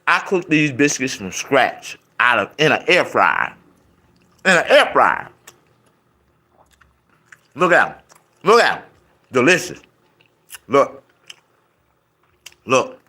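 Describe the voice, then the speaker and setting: A man in his fifties talking loudly and casually to his viewers while eating, rambling and preaching between bites and humming over his food. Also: medium pitch. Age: 50s. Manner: loud, preachy, with rambling riffs; chews and hums with food in his mouth. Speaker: YouTube vlogger.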